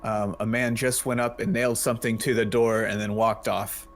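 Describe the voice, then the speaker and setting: A man narrating a tabletop game as game master, relaxed and hesitant, with many pauses. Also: on the low side, faint music behind.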